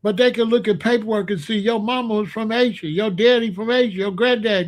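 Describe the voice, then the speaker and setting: Ranting vlogger, male, high voice, repeats himself, punches lines loudly. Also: a little fast. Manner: animated, with emphatic repetition and loud outbursts. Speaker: commentary vlogger. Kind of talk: casual ranting commentary.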